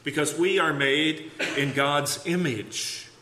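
A man's voice: on the high side, steady tone, slow, pushed and bright, reverberant. A man preaching a sermon in a church, building emphasis on key words. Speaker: pastor. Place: church sanctuary.

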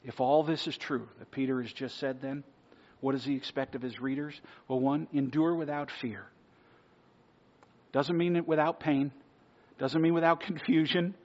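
A man preaching a sermon earnestly, sometimes dropping to a hush for emphasis, then closing in prayer. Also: on the high side, steady tone, moderate pace. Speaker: pastor. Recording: dull lo-fi sermon recording.

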